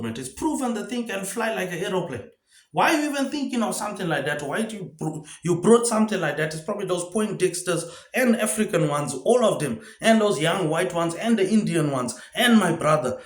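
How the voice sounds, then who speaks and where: A man rambling through a solo monologue, firing off rhetorical questions and tagging "mate" onto nearly every phrase. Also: a little high. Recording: echoey room.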